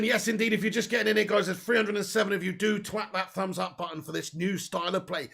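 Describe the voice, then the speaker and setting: A man hosting a live football watch-along, chatty and excitable, swearing freely and reading out viewer comments. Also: high-pitched, fast talker, gravelly, hardly any pauses. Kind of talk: casual live match commentary.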